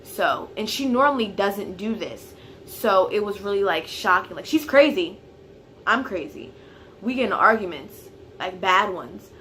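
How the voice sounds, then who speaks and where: A woman telling a personal story in a casual vlog, chatty and full of fillers, turning loud and heated at the tense parts. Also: medium pitch, animated, a little slow, a little hiss or hum. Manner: grows loud and heated when retelling the fight. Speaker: vlogger.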